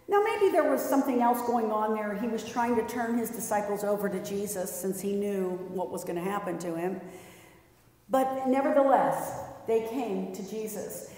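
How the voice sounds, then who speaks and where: A woman's voice: fairly high pitch, moderate pace, darkish tone. A woman pastor delivering a sermon in a conversational, lightly humorous storytelling way. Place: church sanctuary. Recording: echoey church hall.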